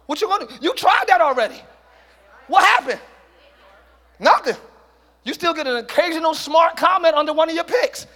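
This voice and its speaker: A male pastor preaches with a very high voice, and his tone is bright and forceful. He swings into shouted peaks and calls to the congregation, dropping into casual slang and playful quoted voices. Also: lively intonation, moderate pace, long pauses. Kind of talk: sermon. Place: church hall with congregation.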